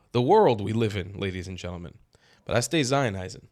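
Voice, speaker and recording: A man hosting opinionated political commentary, cursing freely and swinging from flat asides to loud, exasperated outbursts. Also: lowish voice, fairly quick, no echo, studio quality.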